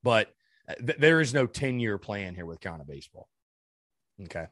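A male podcast host vents in a heated, furious rant, swearing and tripping over restarts as he jumps from sharp high outbursts down to low grumbles. His voice is very lively in pitch. The recording is close and dry, with no room sound. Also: a little fast, no echo. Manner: heated and ranting, swearing, with many stammered restarts. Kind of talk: sports fan rant.

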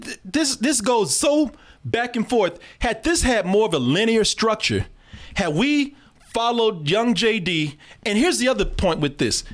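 Male co-host, very high voice, animated and profane movie-review banter. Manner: animated, profane, laughs often, addresses listeners as "people". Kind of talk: casual movie review chat.

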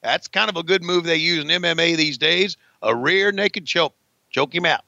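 A man's voice: a little high, normal speed, gravelly, bright, forceful tone, dry recording, dull audio. A man calling play-by-play over an old wrestling match, crude and rambling, joking with his co-host and cursing often.

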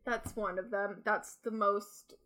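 A young woman co-hosting a podcast, telling a story in an animated way and laughing often in casual chat. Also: mid-range voice, takes it slowly. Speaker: podcast co-host.

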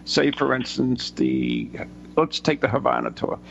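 A man hosting a radio talk show, asking relaxed, chatty questions. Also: medium pitch, unhurried, gravelly, dull audio, slight background noise. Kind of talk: casual radio interview.

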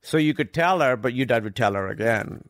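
A man guest in an interview, telling a personal story in an earnest, reflective way with halting restarts. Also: mid-range voice, expressive, no room sound, studio quality.

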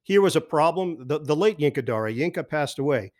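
A man who works as a sports broadcaster, telling lively anecdotes as a podcast guest and mimicking the people in them. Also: fairly high pitch, a little fast. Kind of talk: animated storytelling in a podcast interview.

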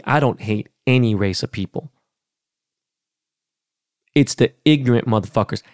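A middle-aged man from Los Angeles hosts his podcast in a blunt, heated, profane rant. His voice carries a gravelly fry at mid pitch. The sound is close and dry, with no room around it. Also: a little mellow, dry recording. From Los Angeles, California. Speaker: podcast host. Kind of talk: casual rant.

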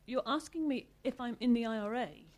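A woman's voice: on the high side, a little fast, darkish tone, voice pushed up, natural voice. Woman reading an awkward young man, hesitant and defensive.

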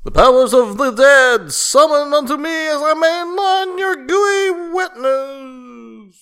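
A man putting on a shrill mock summoner of the dead. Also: fairly bright tone, heavily acted. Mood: mock solemn. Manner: theatrical, drawn-out incantation.

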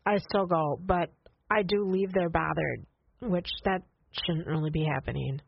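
A woman's voice: fairly low pitch, moderate pace, creaky, slightly rough, dry recording. Chatty middle-aged mother. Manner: chatty, laughs easily. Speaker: mother and co-host. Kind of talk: casual family chat. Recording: dull muffled sound with faint hiss.

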